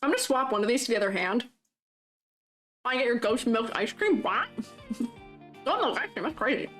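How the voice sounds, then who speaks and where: Speaking at a moderate pace, this woman has a high-leaning, expressive voice with a fairly bright tone. She streams while drawing and reviewing avatar designs, keeping the chat casual, laughing often, reading comments aloud and teasing viewers playfully as faint music plays.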